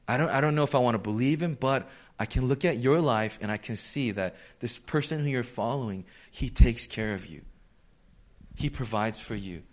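A man preaching a sermon in a conversational, animated way, acting out quoted voices as he goes. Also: mid-range voice, moderate pace. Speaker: pastor.

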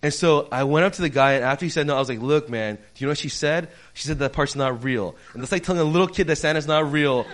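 A young man preaching a sermon, telling a personal story in a conversational, animated way that swings from quiet to loud, with many fillers. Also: on the high side, fast, hardly any pauses.

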